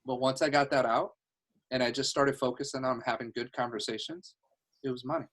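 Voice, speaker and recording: A man's voice: mid-range voice, steady tone, brisk, a bit bright. A man coaching a sales team on a video call from home, upbeat, laughing easily and restarting his phrases, talking into a headset.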